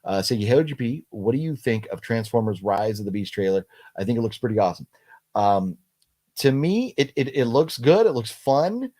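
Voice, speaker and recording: A middle-aged man hosting a casual livestream chat, talking haltingly with many fillers and restarts while he reads out viewer comments. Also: medium pitch, big pitch swings, mellow. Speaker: livestream host.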